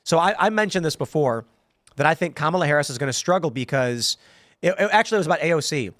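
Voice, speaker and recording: A man's voice: fairly high pitch, quick pace, no room sound, clean studio sound. A man hosting a political panel show, talking animatedly and slipping into impressions of the people he quotes. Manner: animated, mimics others' voices mid-story. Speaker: show host.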